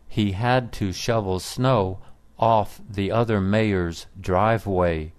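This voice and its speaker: A man reading simple stories aloud for English learners, in deliberate, plain sentences. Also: lowish voice, a little mellow. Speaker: narrator. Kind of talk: slow scripted story narration for English learners.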